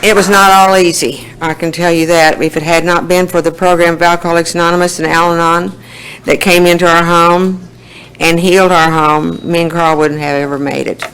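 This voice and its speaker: In her sixties and speaking with an Oklahoma accent, a woman recounts her life story at a recovery meeting in a folksy testimony, frequently laughing. Her lowish voice is brisk and fairly bright, smooth but flat in delivery, and the recording is rough.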